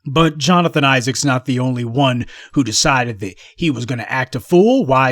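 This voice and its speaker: Male commentator, scornful and combative, slightly high voice, dry close sound. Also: no echo. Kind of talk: ranting commentary.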